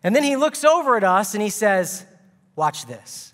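A man's voice: high voice, animated, a little fast, fairly bright tone, long reverb tail. A man preaching a sermon as a guest speaker, telling a funny story with playful asides and comic timing.

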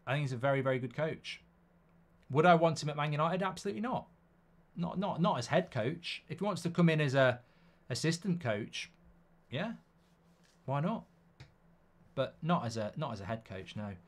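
A man's voice: on the high side, lively intonation, moderate pace, pauses often. A man hosting a live football watchalong, reading viewer comments aloud and giving blunt, chatty opinions.

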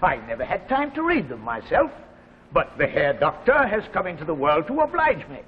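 An actor playing a genial, chuckling retired old professor with failing eyesight, in a live 1950s TV drama. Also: male voice, high voice, huge pitch swings, moderate pace. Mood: genial musing. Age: older. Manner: chuckling, theatrical, musing. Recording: dull 1950s TV audio in a reverberant set.

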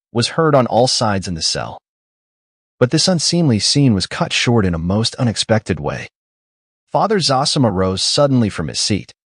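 A man reads a classic novel aloud in an expressive, measured manner. His voice is husky, with lively pitch movement, and sounds dry and close. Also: no echo. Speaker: audiobook narrator. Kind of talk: scripted narration.

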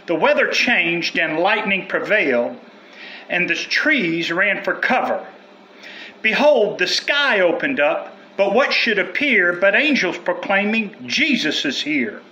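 A man's voice: high-pitched, pushed and bright, muffled recording, a little hiss or hum. A man delivering a prophetic word with solemn, chanting repetition. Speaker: prophetic speaker.

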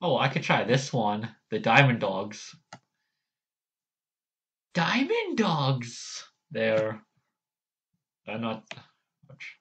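Slow, hesitant man apologizing for his impressions. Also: on the low side, fairly even intonation, a bit bright. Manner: apologetic and self-deprecating, hesitant. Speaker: channel host. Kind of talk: casual voice-impression vlog.

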